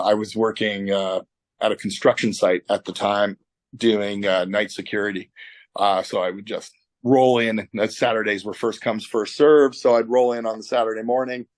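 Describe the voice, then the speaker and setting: A man's voice: on the low side, normal speed, no room sound. A middle-aged Canadian man telling a wild story in an interview over a video call. He swears often and acts out what people said. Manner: animated storyteller, swears a lot, acts out quotes. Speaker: tattoo artist guest.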